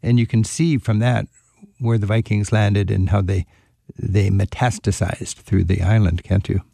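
A male radio host with a low, gravelly, mellow voice. He chats in a folksy, enthusiastic way, full of small fillers, and the studio sound is dry with faint music underneath. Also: steady tone, normal speed, no room sound. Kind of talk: conversational radio interview.

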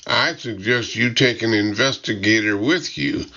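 A man's voice: on the low side, a little slow, pushed and bright, lo-fi sound. A man voicing an officious older British secretary with a London accent, curt and lecturing, in an audiobook. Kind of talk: audiobook character voice.

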